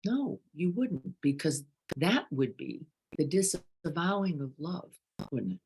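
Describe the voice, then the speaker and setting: Gentle, questioning woman meditation teacher. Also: deep voice, very animated, takes it slowly, slightly rough. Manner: questioning and gentle, swings from hushed to emphatic. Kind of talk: reflective dharma talk, reading participant comments.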